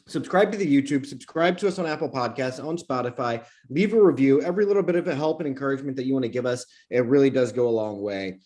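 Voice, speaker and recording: A man co-hosting a podcast in casual chat, tossing in dry, deadpan quips and wrapping up the show. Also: medium pitch. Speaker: podcast co-host.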